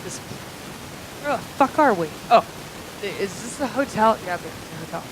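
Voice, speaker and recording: A brash, slurring drunk man barks out his demands in a rough voice, as a woman comedian puts him on. The tone is belligerent and loud, with faint hiss on a live club recording. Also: medium pitch, lively intonation, normal speed, natural voice.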